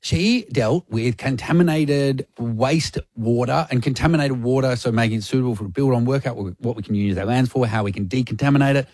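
A man on breakfast radio tells a story, switching into other people's voices as he quotes them. He speaks at a middle pitch, and the studio sound is close and dry. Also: brisk, hardly any pauses, no room sound. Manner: animated, acts out quotes. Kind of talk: casual storytelling chat.

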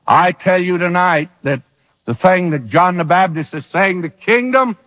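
A man preaching a sermon with emphatic rhetorical questions and dramatic pauses, from an old radio broadcast. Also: high voice, a bit bright, long reverb tail, dull audio.

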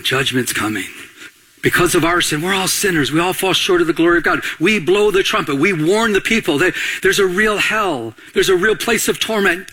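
A middle-aged male pastor delivers a lively sermon in a high, bright voice. He preaches with energy and keeps calling out questions for the congregation to finish. His tone is forceful and ringing.

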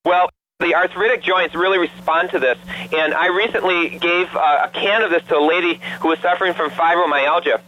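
Bright-voiced doctor on a phone line. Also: male voice, a little high, fairly even intonation, a little fast, slight background noise. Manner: earnest testimonial storytelling with fillers. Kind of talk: promotional radio interview.

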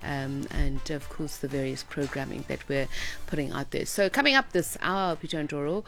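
A woman's voice: low-pitched, moderate pace, gravelly, fairly bright tone, soft background music. A woman co-hosting a live morning radio show, conversational, sometimes trailing off mid-sentence. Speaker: radio news co-host. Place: radio studio.

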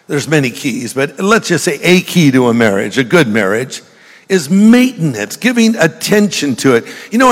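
Older pastor, joking sermon, echoing hall. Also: male voice, on the high side. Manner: joking storyteller, direct with the congregation. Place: church. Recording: long reverb of a large hall.

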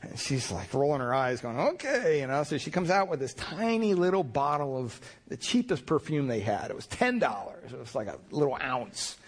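A man's voice: mid-range voice, sing-song, moderate pace, breathy edge. A male pastor preaching a sermon in a conversational storytelling way, with restarts and chuckles.

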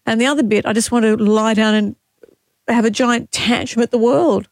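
A woman's voice: on the high side, steady tone, vocal fry, no echo, clean studio sound. Grieving Australian woman in her sixties. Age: 60s. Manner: emotional, halting, candid. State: grieving, teary. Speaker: radio co-host. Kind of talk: casual radio chat. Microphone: studio mic.

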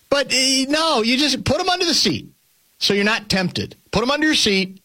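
A man's voice: very high-pitched, sing-song, a little fast, bright, forceful tone. A man co-hosting a sports talk show, chatting casually, laughing often and restarting his sentences.

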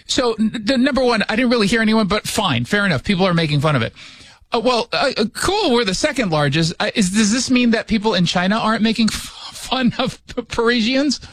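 Sarcastic male radio host, high voice. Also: lively intonation, fairly quick, a bit bright, dry recording. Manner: sarcastic, joking asides. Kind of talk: casual opinion chat. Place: his cold radio studio.

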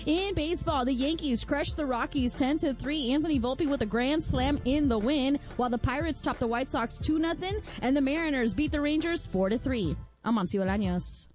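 A woman anchoring a sports news update on the radio, reading scores in a brisk, clipped way. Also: high voice, darkish tone, soft background music.

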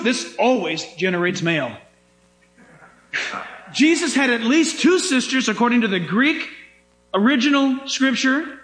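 A male pastor preaching with animated, emphatic delivery and dramatic asides. His voice sits very high and rings through a roomy church sanctuary. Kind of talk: sermon. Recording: echoey room.

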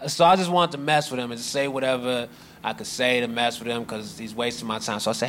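A man doing stand-up, telling a story sarcastically and shouting out bits. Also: mid-range voice, fairly even intonation, fast, a little hiss or hum. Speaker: stand-up comedian.

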